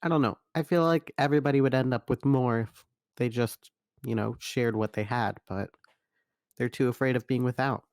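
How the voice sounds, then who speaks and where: A man's voice: mid-range voice, fairly even intonation, normal speed, dry recording, clean studio sound. A man playing his character in a tabletop game, earnest and hesitant, often restarting sentences. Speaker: player. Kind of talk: in-character tabletop role-play.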